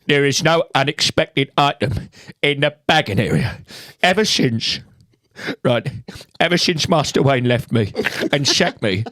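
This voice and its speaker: A man's voice: mid-range voice, lively intonation, unhurried, dry recording. A Welsh man impersonating an old, exasperated male butler with a cockney drawl. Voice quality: cockney drawl, building to shouting. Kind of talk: comic impression.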